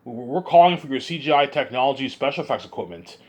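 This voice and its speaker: A man putting on the voice of an excitable male film director making business calls, gushing and eager. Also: mid-range voice, fast talker, lo-fi sound, natural voice.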